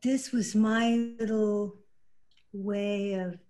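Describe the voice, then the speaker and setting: Woman, slow-spoken, earnest, halting, emotional, video call panel talk. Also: medium pitch, little pitch movement, mellow. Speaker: quilt artist. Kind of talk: panel discussion.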